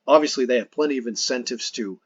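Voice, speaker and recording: A man's voice: mid-range voice, fast talker, no room sound, dull audio. A man hosting a podcast, earnestly explaining his points in casual conversation, restarting phrases as he goes. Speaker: podcast host.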